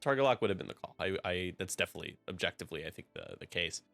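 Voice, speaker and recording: A man commentating a tabletop miniatures game in casual chat, given to loud excited outbursts and frequent laughter. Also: sits low, very fast, gravelly, soft background music.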